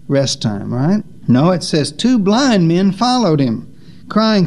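A man preaching a sermon, with dramatic pauses and sharp drops in pitch for emphasis. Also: sing-song.

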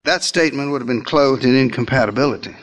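A man preaching a sermon as a dramatic first-person retelling, theatrical, with dry humorous asides. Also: fast. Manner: theatrical, with wide swings in pitch and pace.

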